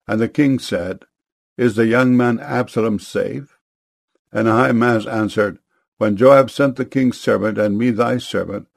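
A man reading scripture aloud in a steady, solemn manner. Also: on the low side, creaky, no room sound, studio quality. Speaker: Bible reader.

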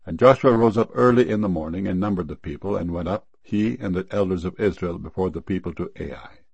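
A man reading archaic scripture verses aloud in a steady, measured way. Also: sits low, vocal fry, slightly rough, no echo.

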